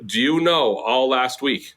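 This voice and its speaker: A man hosting a casual comedy podcast with friends, animated and laughing as he talks. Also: mid-range voice, unhurried. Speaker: podcast host.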